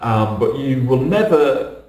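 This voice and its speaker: A man's voice: medium pitch, sing-song, slow pace, a little mellow. A man from England answering viewer questions in a casual, reassuring to-camera advice video, with light self-deprecating humor. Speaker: online business coach. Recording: roomy echo.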